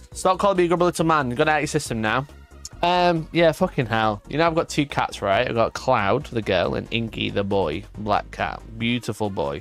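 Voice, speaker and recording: A man's voice: fairly low pitch, creaky. A man hosting a casual live stream, rambling through a story and swearing freely. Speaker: streamer host. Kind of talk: casual livestream chat.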